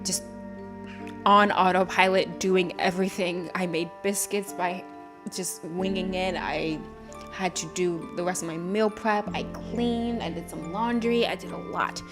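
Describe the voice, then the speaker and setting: A woman's voice: fairly low pitch, fairly even intonation, measured pace. A tired woman streamer chatting casually on a live stream, rambling with lots of fillers. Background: background music.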